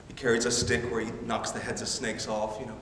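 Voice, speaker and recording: A man preaching a sermon as a missionary, animated and emphatic, with self-deprecating humor. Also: mid-range voice, fairly quick, far from the mic, slight background noise. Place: large church sanctuary. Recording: echoey church hall from afar.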